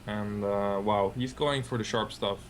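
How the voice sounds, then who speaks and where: A man's voice: fairly low pitch, fairly even intonation, measured pace, a little hiss or hum. A man commentating casually on a live chess stream, chatty and hedging, often trailing off mid-thought.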